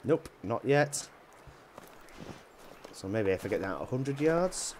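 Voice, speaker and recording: A man with a Yorkshire accent chatting casually while playing a hunting game, rambling with restarts and often dropping his voice low. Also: expressive, takes it slowly, noisy background. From Yorkshire, England. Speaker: gaming YouTuber. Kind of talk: casual gameplay commentary.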